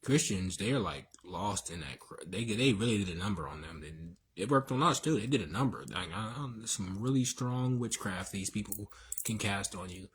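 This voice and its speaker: A man's voice: on the low side, animated, normal speed, breathy edge. A man hosting a livestream, preaching in a rambling, slangy way with many fillers and restarts. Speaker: livestream host. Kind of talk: casual livestream monologue.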